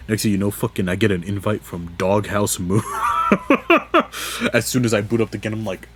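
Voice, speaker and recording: A young man hosts a casual solo podcast, rambling through a story full of swearing and laughter. His pitch swoops wildly and jumps high whenever he gets exasperated, at a normal speed with a slightly rough voice.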